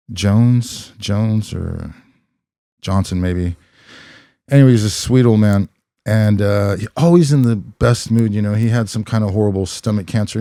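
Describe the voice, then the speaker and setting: Middle-aged Californian man, low smooth voice, reflective storyteller, dry close sound. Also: mellow, no echo. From California, USA. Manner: reflective, unhurried, many "you know" fillers. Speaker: podcast guest, former police officer. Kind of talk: conversational storytelling.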